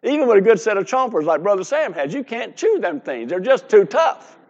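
A man's voice: sits high, very animated, brisk, darkish tone, lo-fi sound. A man in his seventies preaching a sermon in an earnest, conversational way, asking the congregation questions.

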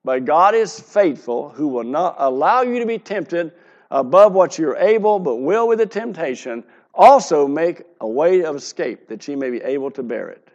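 A man's voice: fairly high pitch, dull audio. A man preaching a sermon, reading scripture aloud with rising emphasis. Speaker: pastor.

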